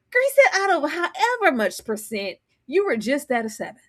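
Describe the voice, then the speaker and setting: A woman's voice: high-pitched, a little fast, hardly any pauses. A woman in casual reality TV recap chat, acting out quotes and laughing often. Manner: animated, acts out quotes with laughter. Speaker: guest co-host.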